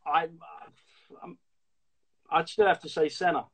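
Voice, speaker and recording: A former racing driver in his fifties hosts a casual live video chat, reading out questions from viewers in an easygoing way. His voice sits a little higher than most men's. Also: unhurried, husky. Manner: relaxed, reads out viewer questions. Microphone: phone or laptop mic on a video stream.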